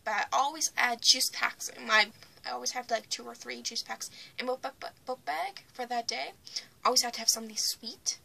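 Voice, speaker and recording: A woman's voice: a little high, brisk, gravelly. A young woman vlogger casually telling a personal story to the camera, blunt, often dropping to a whisper. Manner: blunt, retelling with swings in loudness.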